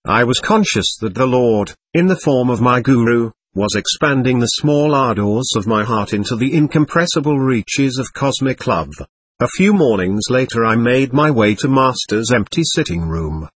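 A man narrating an audiobook in a measured, earnest reading. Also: medium pitch, husky, dry recording. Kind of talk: scripted narration.

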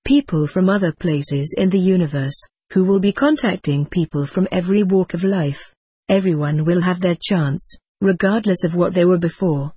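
A text-to-speech voice reading the lines of a calm female extraterrestrial teacher in an audiobook, with a flat, even synthetic delivery. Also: medium pitch, normal speed, husky, no room sound, close to an everyday voice.

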